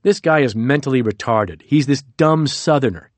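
A man's voice: medium pitch, normal speed, no room sound, close to an everyday voice. A man reading the lines of an irate older man in power, blunt and contemptuous, in a dry, close recording. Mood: scornful. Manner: contemptuous, insistent.

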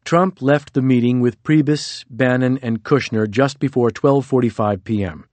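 Brief: male audiobook narrator, measured delivery, dead-dry booth sound. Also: medium pitch, a little mellow, dry recording. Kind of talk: scripted narration.

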